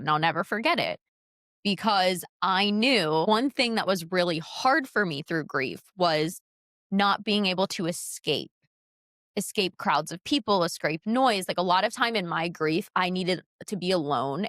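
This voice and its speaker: A woman's voice: on the low side, fairly bright tone, no room sound, clean studio sound. A young adult woman, a sports broadcaster, talking candidly and reflectively in an interview, with many filler "like"s.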